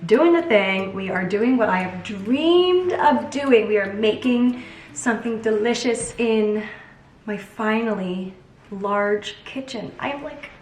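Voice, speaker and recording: A woman's voice: medium pitch, expressive, slow pace, distant mic, faint music behind. Young woman, bubbly vlog chat, home kitchen, roomy sound. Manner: bubbly and chatty, jokes while cooking. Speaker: lifestyle vlogger.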